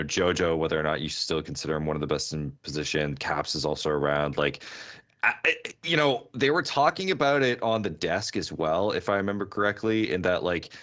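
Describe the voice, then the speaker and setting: Deep-voiced man in casual esports chat. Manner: animated, rambling, jumps in pitch. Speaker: podcast co-host.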